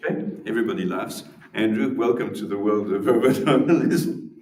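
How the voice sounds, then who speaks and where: A man's voice: on the low side, fairly quick, a little mellow, a little hiss or hum. A man giving an academic lecture with demonstrations, explaining patiently and often restarting his words. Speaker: symposium presenter. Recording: roomy echo from far off.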